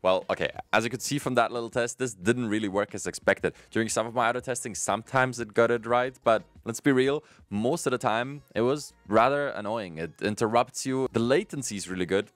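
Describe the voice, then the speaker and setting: Deep-voiced male tech host, dry sound. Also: dry recording. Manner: energetic, direct, talks to the viewer. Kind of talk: casual tech review.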